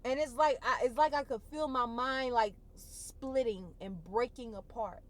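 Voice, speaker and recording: A woman vlogger on the high side of the pitch range speaks a little slowly as she shares an emotional personal testimony. She's tearful and holding back, using casual, expressive wording and repeating phrases for emphasis.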